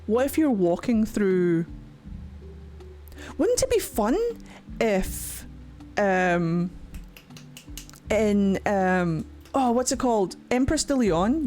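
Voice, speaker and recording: A woman's voice: mid-range voice, dark tone. A Scottish woman chatting casually on a livestream, talking freely and swearing often. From Scotland. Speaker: streamer.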